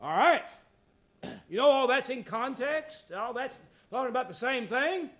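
Preacher guy, high lively voice swinging loud to soft, church sermon. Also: a little slow. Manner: animated, swings from soft asides to loud emphatic calls.

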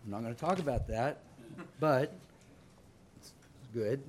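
Guy preaching real slow, emotional, reads scripture then gets fired up. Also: medium pitch, a little hiss or hum. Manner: emotional, rising to fervent preaching. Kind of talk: sermon.

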